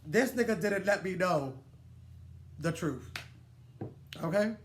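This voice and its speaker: A young man telling a wild personal story to the camera, animated and dramatic, swearing freely and laughing through his digressions. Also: high voice, slow pace, slight background noise. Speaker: vlogger. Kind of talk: storytime vlog, casual and profane.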